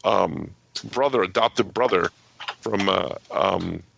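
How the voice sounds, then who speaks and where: A man's voice: low-pitched, slow, creaky, a bit bright, slight background noise. A man co-hosting a podcast, telling rambling stories in casual chat and acting out quoted lines. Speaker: podcast co-host, comic book creator. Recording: dull lo-fi sound.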